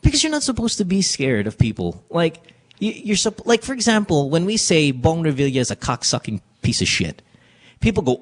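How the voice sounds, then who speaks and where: A man's voice: a little high, brisk. Blunt, profane male radio host. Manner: blunt, profane, animated storytelling. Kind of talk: casual radio talk.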